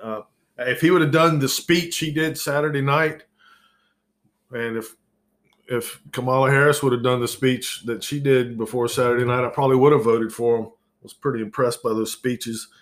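A man's voice: mid-range voice, fairly even intonation, moderate pace. A man hosting his own podcast, ranting profanely and sarcastically about the news, over-caffeinated. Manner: profane, exasperated, sarcastic, loud outbursts. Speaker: podcast host. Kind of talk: solo podcast rant.

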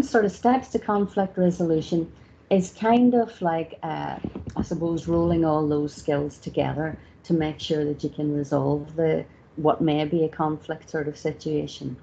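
A woman's voice: deep voice, vocal fry, dark tone. A woman leading a customer service training session, talking informally with plenty of "you know" and "sort of". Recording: slightly dull lo-fi recording with faint background noise.

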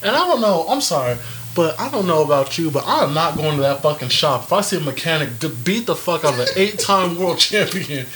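Profane, animated young man chatting. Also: on the high side, fairly quick, a little hiss or hum. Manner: profane, animated, acts out quotes. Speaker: podcast co-host. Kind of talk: casual chat.

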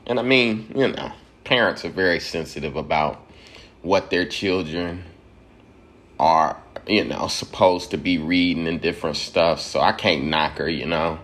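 A man's voice: low-pitched, unhurried, fairly bright tone. A man from Georgia, giving a loose, profane commentary monologue and laughing at his own points.

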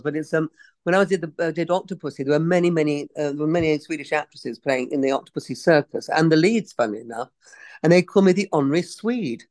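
A woman's voice: low-pitched, a little mellow, dry recording. A woman in her sixties from England, an actress chatting casually in an interview, digressing often and laughing easily. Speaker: actress guest.

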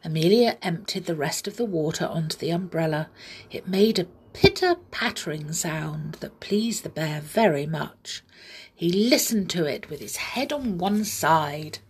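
A woman reading a children's story aloud, telling it gently and sometimes dropping into soft whispers. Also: on the low side, animated, unhurried, breathy edge.

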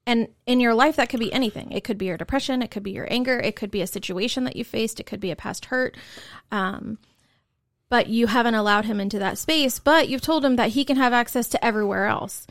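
A woman's voice: on the high side, brisk, no room sound, clean studio sound. A woman co-hosting a casual church talk, explaining steadily and laughing easily.

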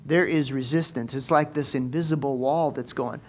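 A male pastor preaching a lively sermon in church, swinging from soft asides to loud exclamations. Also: medium pitch, moderate pace, slight background noise. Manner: animated preaching with big swings in loudness.

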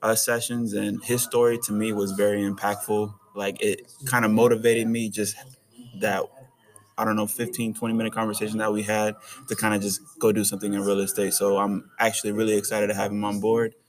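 A male podcast host with a low voice introduces his guest. He speaks in a flat, steady tone at a coffee shop. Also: a little fast. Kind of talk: podcast chat.

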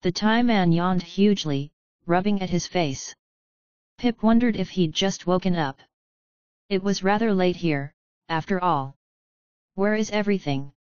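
A woman narrating a book chapter in a calm, measured storytelling manner. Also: fairly low pitch, no room sound, muffled recording. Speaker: audiobook narrator. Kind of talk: scripted narration.

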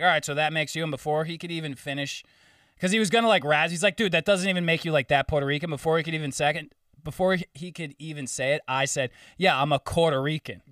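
A man's voice: a little high, a bit bright, no room sound, studio quality, recorded from a distance. A man co-hosting a podcast, casually rambling through stories, swearing and retelling what others said. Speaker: podcast co-host. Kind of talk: casual chat, storytelling.

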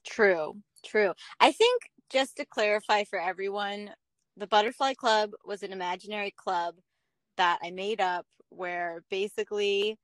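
A young adult woman chatting casually as a podcast guest, telling stories with animated energy. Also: mid-range voice, unhurried, no echo. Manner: animated storyteller, acts out quotes. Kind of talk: casual chat.

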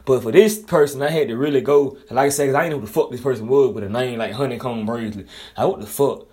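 A young man from Alabama with a Southern accent, freestyling casual, profane commentary, swinging between loud outbursts and low mutters and repeating himself. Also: a little fast. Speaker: vlogger commenting on news.

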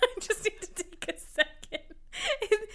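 Very high-pitched, bright-voiced woman. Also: sing-song, slow, a little hiss or hum. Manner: laughing, swearing reactions. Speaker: podcast co-host. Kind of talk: casual comedic banter.

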